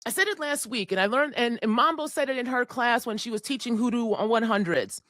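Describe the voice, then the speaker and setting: A woman astrologer in her forties talks straight into a close, dry mic. She preaches with fire and swears freely, and her fairly high voice swings in pitch as she pushes close to tears. The sound is intimate and has no room echo. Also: fairly quick, fairly bright tone. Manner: fiery, preachy, profane, near tears. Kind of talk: impassioned forecast monologue.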